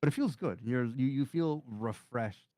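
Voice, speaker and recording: A man's voice: medium pitch, moderate pace, dark tone, no room sound. A man running a tabletop game as game master, narrating casually with swearing and laughter.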